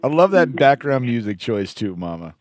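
A man's voice: mid-range voice, big pitch swings, normal speed, darkish tone, a little hiss or hum. A man hosting a call-in show, bantering playfully with callers and laughing often. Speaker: radio host. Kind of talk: casual call-in chat.

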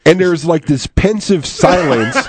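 A man's voice: a little high, animated, measured pace. A man hosting a radio poetry open mic in a studio, reading poems and laughing easily with his co-host.

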